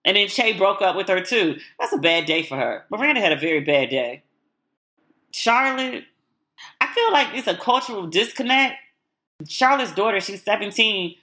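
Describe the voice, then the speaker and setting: A woman hosting her podcast in a casual solo chat, candid and blunt, who swears freely and acts out the people she talks about. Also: mid-range voice. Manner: animated retelling with acted-out quotes. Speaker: podcast host.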